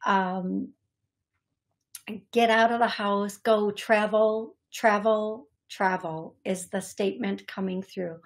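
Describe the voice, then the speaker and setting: A young adult woman hosting a psychic medium show, speaking in a halting, repetitive way with many fillers as she passes on messages to viewers. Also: mid-range voice, fairly even intonation. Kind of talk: live-stream reading for viewers.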